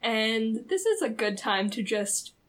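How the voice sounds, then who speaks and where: A woman's voice: fairly high pitch, big pitch swings, slow, slight background noise. A woman co-hosting a podcast in casual chat, rambling and full of "like", laughing often. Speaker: podcast co-host.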